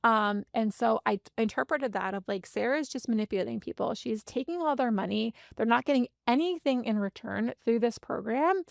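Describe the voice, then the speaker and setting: A woman in her thirties hosting a podcast, talking earnestly and from the heart, speeding up and slowing down to stress her points. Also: a little high, creaky, dry recording, studio quality. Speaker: podcast host and business coach. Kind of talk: candid motivational podcast monologue.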